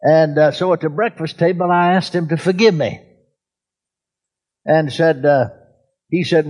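A man preaching a sermon, telling folksy anecdotes in a drawn-out way. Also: fairly high pitch, steady tone, a little mellow. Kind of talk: sermon storytelling.

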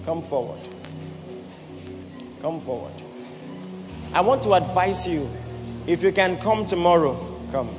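A man's voice: sits high, lively intonation, unhurried, pauses often. A man preaching as a pastor, leading an altar call with emphatic, repeated calls to the crowd. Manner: emphatic, repeats "did you hear what I said". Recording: echoey hall with music behind.

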